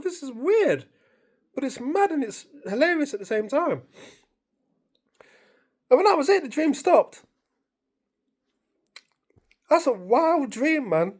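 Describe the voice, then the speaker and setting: A woman in a casual vlog, rambling through a story with lots of "like"s and repeated phrases. Her voice sits at a middling pitch but swings up and down freely as she talks. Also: a little mellow. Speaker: vlogger.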